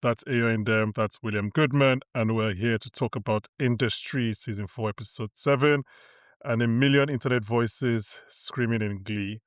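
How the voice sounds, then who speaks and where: A man's voice: medium pitch, fairly even intonation, moderate pace, dry recording. Male podcast host, casual and rambling, dry close-miked sound. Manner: rambling, filler-heavy, laughing. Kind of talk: casual chat.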